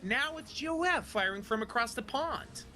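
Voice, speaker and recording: A man commentating a live tank game match, excitable and jokey, quick to laugh. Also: extremely high pitch. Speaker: esports commentator. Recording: faint music behind.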